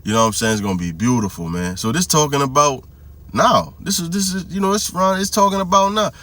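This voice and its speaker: A man giving casual preaching commentary in heavy slang, often checking in with "you hear me?" and slowing down to read verses. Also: a little high, lively intonation, fairly bright tone. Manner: slangy, repeats "you hear me?", reads scripture slowly. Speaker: religious commentary vlogger.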